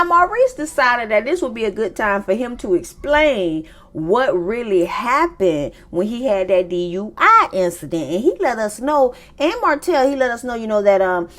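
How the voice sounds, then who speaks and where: A woman hosting a casual reality TV recap, talking in lively slang, laughing often and throwing in teasing, disbelieving asides. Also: mid-range voice. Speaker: recap show host.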